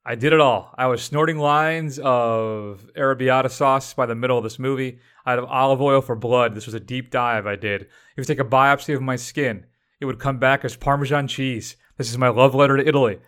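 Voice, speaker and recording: A man's voice: mid-range voice, fairly even intonation, a little fast, fairly bright tone, clear, resonant tone, lightly acted. A man doing a mock-solemn, pompous impression of a self-serious method actor.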